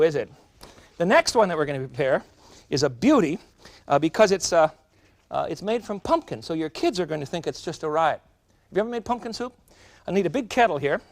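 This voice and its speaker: A man hosting a cooking show, demonstrating a recipe in a studio kitchen in a chatty, folksy way, talking straight to the viewers. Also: a little high. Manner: chatty, folksy and animated, addressing viewers directly.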